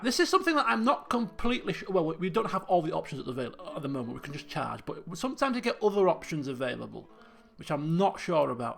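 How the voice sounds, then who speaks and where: A man's voice: on the high side, vocal fry, a bit bright. A man commentating a game he plays, chatty and rambling with self-mocking jokes. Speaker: gaming video host. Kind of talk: let's play commentary.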